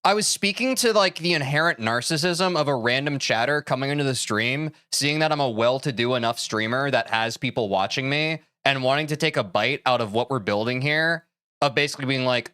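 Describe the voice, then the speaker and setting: A man's voice: mid-range voice, a little fast, sharp tone, smooth, no room sound. A man streaming a game, talking casually to his chat in a rambling, self-interrupting, opinionated way.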